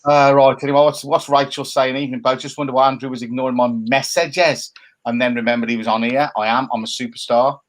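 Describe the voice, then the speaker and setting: A middle-aged man, co-hosting a casual chat show from home and given to animated, jokey rants. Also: mid-range voice, fast. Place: home room by a window. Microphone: laptop camera.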